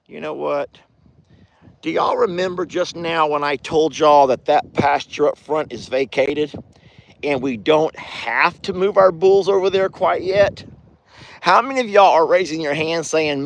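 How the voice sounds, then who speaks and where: A man's voice: high voice, expressive, unhurried, a bit bright. An older man, a rancher who chats casually to the camera and exclaims fondly at his animals. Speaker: rancher vlogger.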